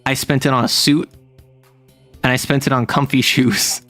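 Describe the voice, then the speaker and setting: A man streaming a casual chat, telling a rambling, animated story and laughing often. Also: mid-range voice, normal speed, soft background music.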